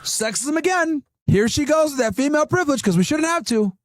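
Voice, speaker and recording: A man's voice: extremely high pitch, lively intonation, brisk, no echo. A man rants through a reaction stream, mocking what he watches and swearing freely as he turns to his chat. His voice sounds dry and close, with almost no room around it. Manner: mocking, profane, talks straight to chat. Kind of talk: ranting reaction commentary.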